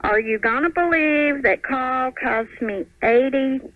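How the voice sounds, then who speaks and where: A woman's voice: high-pitched, takes it slowly, no echo. A woman with a Southern US accent calling a radio show, polite and a little hesitant. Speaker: caller. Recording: tinny phone line on radio.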